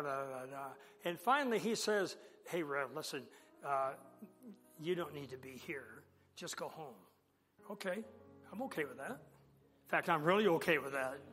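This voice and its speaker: A man preaching as a pastor, telling a personal story with animated delivery and acting out the dialogue. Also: a little high. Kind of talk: sermon storytelling. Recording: long echo of a large hall, faint music.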